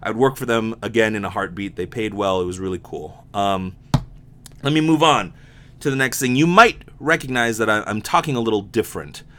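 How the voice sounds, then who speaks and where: Sore-mouthed from impacted wisdom teeth and speaking with a slight lisp, this young podcast host talks solo in a fairly low, animated voice that's brisk, pushed and bright. He rambles candidly, swearing often and restarting, with slight background noise.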